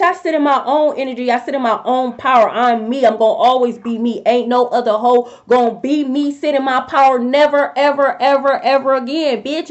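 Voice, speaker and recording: A high-voiced young woman gives a tarot reading on a live stream. She talks bluntly and confrontationally, swearing freely as she calls people out. The audio is muffled and lo-fi. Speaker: tarot reader.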